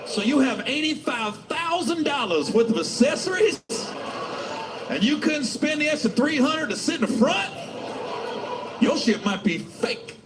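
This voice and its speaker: Profane, high-voiced male stand-up comedian. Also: big pitch swings, unhurried, music in the background, low-quality recording. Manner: profane, rambling storytelling with repeated restarts.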